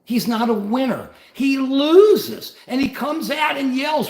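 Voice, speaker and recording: Animated gravelly grandpa ranting on a livestream. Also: male voice, very high voice, a little slow, hardly any pauses, roomy sound. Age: older. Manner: rambling, animated and combative. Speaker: livestream host. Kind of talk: political commentary livestream.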